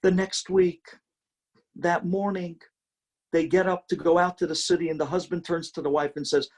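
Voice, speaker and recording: A rabbi telling a dramatic story in a sermon with a varied, expressive delivery. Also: male voice, fairly high pitch, moderate pace.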